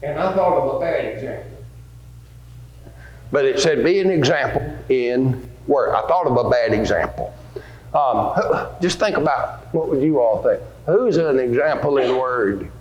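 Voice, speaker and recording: A man's voice: medium pitch, lively intonation, unhurried, a little mellow, lo-fi sound. A man teaching a Bible lesson to children, asking them questions and acting out scripture scenes. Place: church hall. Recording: echoey room with faint ambience.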